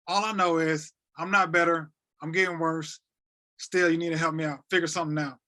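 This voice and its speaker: A man in his thirties from North Carolina, a podcast guest telling a personal story in an animated way, often repeating words and acting out what others said. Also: fairly high pitch, brisk. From North Carolina, USA. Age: 30s. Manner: animated, repeats words, acts out quoted dialogue. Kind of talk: emotional storytelling.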